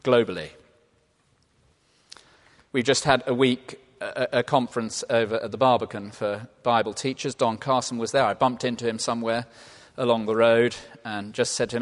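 Male preacher from England, mid-pitched, animated and playful, earnest when quiet, echoing hall. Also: normal speed. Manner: animated, playful asides and laughter, drops to quiet earnest tones. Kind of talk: sermon. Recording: long reverb of a large hall.

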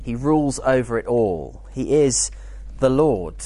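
A man leads a teaching session at a church weekend, talking in an easygoing, animated manner and dropping in jokey asides. His voice sits at a middling pitch. It is recorded close and dry, with no room echo. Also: a little slow. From United Kingdom. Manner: conversational, lively, jokey asides. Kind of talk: teaching talk.

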